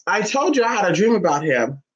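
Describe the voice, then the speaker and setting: A man's voice: high voice, sing-song, a little fast. A man in casual vlog talk, playful and sassy, cooing baby talk at his dog between remarks to viewers. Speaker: vlogger. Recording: dull lo-fi sound.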